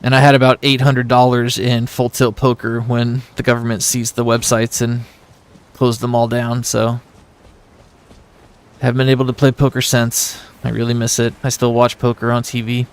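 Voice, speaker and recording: While playing a game live, a streamer who is an adult with a son tells his viewers a long, rambling story in casual chat. His medium-pitched voice is monotone and smooth, at a normal speed.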